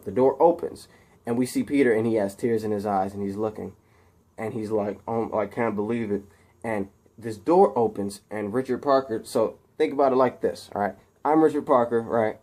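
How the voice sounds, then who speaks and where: A man's voice: medium pitch, dark tone. A man casually recapping a film scene, rambling through the story and getting more worked up as the action builds. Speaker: video host retelling a film.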